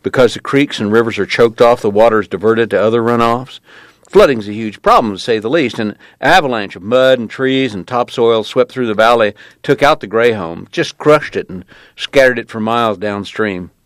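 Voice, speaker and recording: A man's voice: medium pitch, normal speed, no echo, natural voice. A man voicing a matter-of-fact local man recounting a family's tragedy. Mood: grim.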